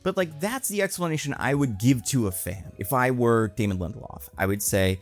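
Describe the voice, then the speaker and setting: A man in his thirties talks through a casual commentary, animated and chatty, with plenty of fillers. His voice sits at an ordinary middle pitch. Soft music plays faintly underneath. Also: fairly quick. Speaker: movie commentary host.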